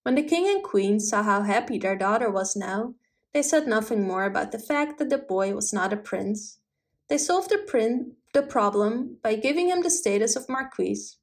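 A woman's voice: on the high side, animated, moderate pace. Woman reading a fairy tale aloud. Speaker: storyteller.

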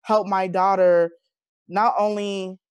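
A woman's voice: medium pitch, slow pace, clear, resonant tone, dry recording. Earnest woman sharing her story. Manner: earnest, heartfelt, animated retelling. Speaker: interview guest. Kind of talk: personal storytelling in conversation.

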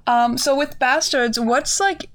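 A young woman co-hosting a casual home podcast. She rambles, leans on filler words and jokes about herself, and her voice sits a little high. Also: slow. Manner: rambling, lots of fillers, self-mocking. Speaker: podcast co-host. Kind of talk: casual chat.

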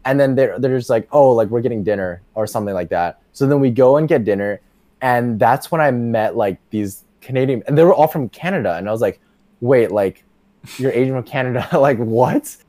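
A young man telling a rambling story as a podcast guest, full of "like" and quick laughs. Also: mid-range voice, lively intonation, mellow, no echo. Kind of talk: casual storytelling chat.

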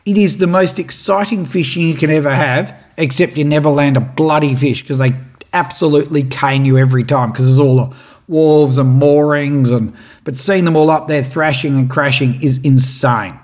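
An Australian man telling a lively fishing story and giving tips, acting out what others said. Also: fairly high pitch, normal speed. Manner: animated, acts out what others said. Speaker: fishing presenter.

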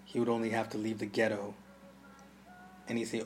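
A man's voice: fairly low pitch, monotone, brisk, faint music behind. A man with a Jamaican accent narrating a story in first person, intense and vivid, voicing the sounds of gunfire. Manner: intense, mimics gunshot sounds. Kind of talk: audiobook narration.

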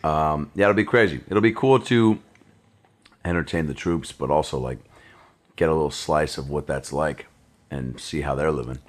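A man hosting a podcast in casual chat, telling stories with lively swearing. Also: extremely low pitch, normal speed. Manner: swearing, animated storytelling. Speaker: podcast host.

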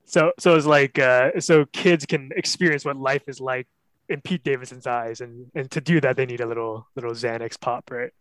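A man's voice: mid-range voice, fairly even intonation, normal speed, a bit bright, low-quality recording. A man co-hosting a podcast, joking and asking playful questions, often laughing and restarting. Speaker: podcast co-host. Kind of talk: casual interview-style banter.

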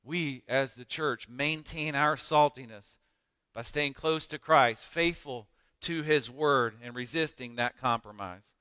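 Bright, crisp preaching man. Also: medium pitch, no echo, studio quality, big-room sound. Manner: emphatic preaching with dramatic pauses and swells in volume. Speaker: pastor. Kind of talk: sermon.

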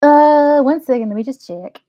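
A woman's voice: sits high, lively intonation, moderate pace, no echo, dull audio. A woman playing a tabletop game, describing her character's actions in a rambling way full of fillers. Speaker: player.

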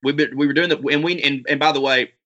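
Bright-voiced, profane podcast host. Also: male voice, on the high side, fairly even intonation, fast talker. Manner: profane, rambling storyteller. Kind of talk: casual chat. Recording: dull lo-fi sound.

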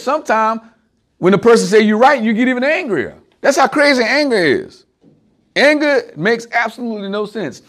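A man leading a small group in an informal, conversational sermon, asking them rhetorical questions and chuckling often. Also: high-pitched.

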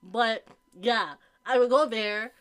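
A woman's voice: on the high side, slow, a crowd in the background. A young woman telling a wild story in casual chat, acting out what everyone said and laughing often. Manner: animated storytelling, acts out quotes, frequent laughter.

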